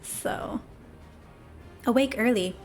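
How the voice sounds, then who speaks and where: Young female streamer, bright high-ish voice, casual and talkative, reads dialogue in character. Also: slow, faint music behind. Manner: chatty, laughs easily, reads game dialogue aloud in character. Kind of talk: casual live gameplay chat.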